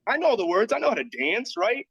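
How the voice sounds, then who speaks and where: A man's voice: high-pitched, big pitch swings, fast talker, fairly bright tone, slightly rough. A man from Dallas, Texas, telling a personal story as a podcast guest, earnest and candid, with lots of "like". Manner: earnest, candid, filler-heavy with frequent "like". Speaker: podcast guest, yoga teacher. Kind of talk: personal storytelling in casual chat. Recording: dull lo-fi audio.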